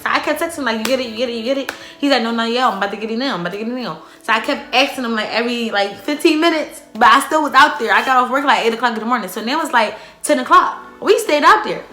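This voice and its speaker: Young woman w doing a loud cussing storytime, bright voice, echoey room. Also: fairly high pitch, rapid-fire, hardly any pauses. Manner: animated, profane, loud outbursts and quoted dialogue. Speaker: vlogger. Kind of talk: storytime vlog. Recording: echoey room with faint music.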